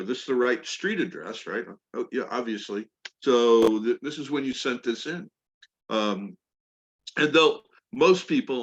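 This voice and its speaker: A man's voice: mid-range voice, fairly bright tone, dull audio. A man coaching salespeople on a call, rambling with lots of fillers. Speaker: sales trainer.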